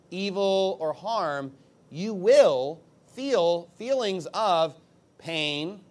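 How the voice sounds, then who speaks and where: High-voiced guy preaching, emphatic and chatty, acts out little bits. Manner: emphatic, conversational preaching with acted-out asides. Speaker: pastor. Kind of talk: sermon.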